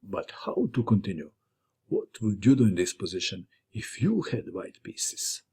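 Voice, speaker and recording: A man's voice: on the low side, a little slow, breathy edge. A man narrating a chess game move by move, with playful asides, as host of a chess lesson channel. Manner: lively, playful move-by-move commentary.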